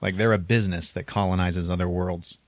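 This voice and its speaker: A man co-hosting a podcast, casually retelling a movie plot with animated acted-out quotes and laughter. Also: low-pitched, brisk, dry recording. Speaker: podcast co-host. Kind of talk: casual movie recap chat.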